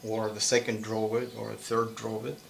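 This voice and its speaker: A man hosting a casual car chat, talking slowly and hesitantly with frequent laughs, recorded inside a small old car. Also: fairly low pitch, monotone, creaky. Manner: slow, hesitant, laughs often. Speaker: host. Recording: loud car and road noise.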